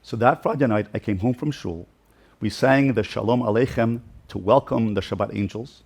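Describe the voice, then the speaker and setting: A man's voice: lowish voice, moderate pace, creaky, a little mellow, husky. A man speaking as a rabbi in an inspirational talk, earnest and heartfelt, building emphatic repeated lists.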